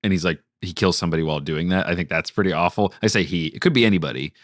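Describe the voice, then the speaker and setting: A man's voice: deep voice, very fast, no echo, studio quality. A man co-hosting a storytelling podcast, brainstorming in casual chat, joking and laughing often, on a home mic over a video call. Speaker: podcast co-host.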